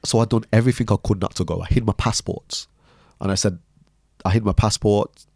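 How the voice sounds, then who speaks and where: A young man from Birmingham, a podcast guest telling a personal story in an animated way that often checks in with the listener. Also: lowish voice, fairly quick, vocal fry, dry recording, clean studio sound. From Birmingham, England. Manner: animated storyteller, often tags lines with "right?".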